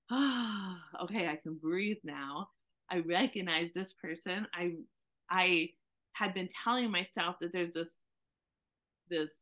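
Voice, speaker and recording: A woman co-hosting a casual conversation, telling animated stories and acting out what people said. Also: mid-range voice. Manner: animated storyteller, acts out quotes.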